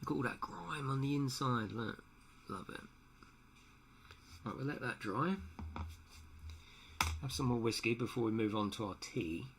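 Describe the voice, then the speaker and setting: A man's voice: medium pitch, unhurried, pauses often, fairly bright tone, slight background noise. A man streaming live from home as he paints a model, talking casually and joking often with his viewers. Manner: chatty, jokey, laughs often. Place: home room at night. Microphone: headset.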